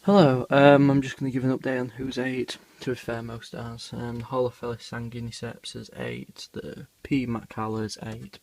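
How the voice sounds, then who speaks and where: A man's voice: mid-range voice, flat delivery, normal speed, gravelly, hardly any pauses, a little mellow. A man casually narrating a tarantula feeding vlog, rambling with lots of ums and dropping his voice near the animals. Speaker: tarantula keeper filming feedings.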